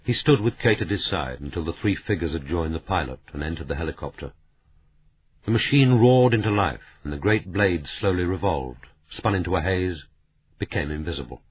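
Deep, husky male audiobook narrator. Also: lively intonation, normal speed. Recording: narrow, phone-like audiobook sound.

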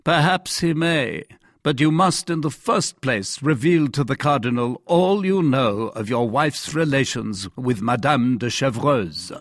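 A man voicing a powerful older cardinal who questions in a measured, interrogating way. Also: medium pitch, animated, no room sound, studio quality, pitched above the performer's own voice. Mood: probing.

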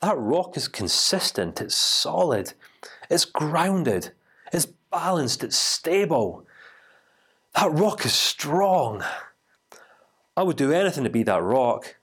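Storybook part: a restless rain-cloud figure, male, wistful and given to exclaiming, pitched a touch high, as a man telling the story puts him on. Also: sing-song, slow pace, pauses often, fairly bright tone, husky, full character voice. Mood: longing. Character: restless sun-turned-rain-cloud, male, yearning for meaning.

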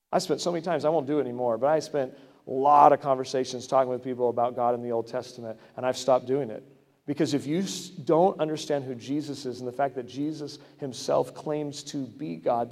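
A man preaching a sermon in a conversational way, breaking into loud emphatic bursts. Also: on the high side. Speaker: pastor. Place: church sanctuary. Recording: long hall reverb.

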